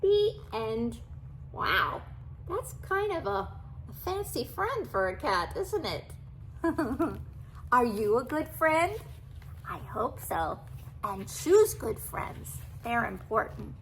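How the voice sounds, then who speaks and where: An older woman reading a classic storybook aloud to children, animated and stopping for asides to the listener. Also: a little high, takes it slowly, long pauses, slight background noise, low-quality recording.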